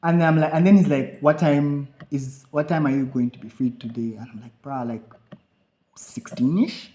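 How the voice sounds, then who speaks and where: A man's voice: mid-range voice, a little fast. A young man co-hosting a podcast, telling a story in casual chat and acting out the lines of himself and others. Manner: animated, acts out quotes of himself and others. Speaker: podcast co-host. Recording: echoey room.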